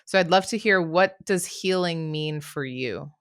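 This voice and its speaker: A woman's voice: sits low, unhurried. A woman hosting a podcast interview, chatty and reflective, laughing often. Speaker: podcast host.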